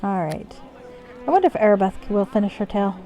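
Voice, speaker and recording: A woman's voice: mid-range voice, animated, fairly quick, mellow. A woman streamer giving casual, wry commentary while playing a game, thinking aloud. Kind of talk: casual let's-play commentary.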